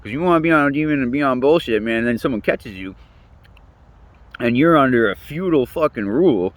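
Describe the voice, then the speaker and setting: A man's voice: medium pitch, animated, fairly quick, no echo. A man rambling in a casual monologue, swearing constantly, chuckling mid-sentence and restarting his words.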